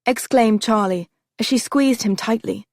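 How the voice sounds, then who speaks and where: Higher-pitched female audiobook narrator. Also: measured pace, darkish tone, no room sound, clean studio sound. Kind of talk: scripted narration.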